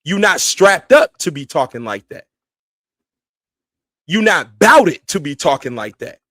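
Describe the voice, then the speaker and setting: A man's voice: on the high side, sing-song, a little slow, a bit bright, dry recording. A man hosting a live stream, giving casual commentary in a blunt, heated and profane way. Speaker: streamer host.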